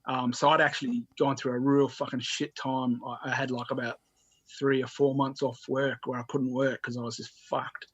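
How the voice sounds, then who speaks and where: A man's voice: mid-range voice, level tone, moderate pace, breathy edge, no echo, muffled recording. A man telling a story as a podcast guest, rambling with frequent restarts and swearing. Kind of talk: casual storytelling.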